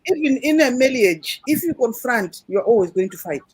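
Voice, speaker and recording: A woman on an online panel, telling a family story in an earnest, animated way and acting out the voices she quotes. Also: fairly high pitch, normal speed, a little hiss or hum. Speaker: panel guest.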